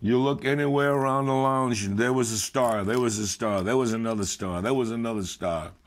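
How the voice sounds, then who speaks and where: A man's voice: medium pitch, fairly quick. Plain-spoken man reminiscing. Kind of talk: reminiscing interview.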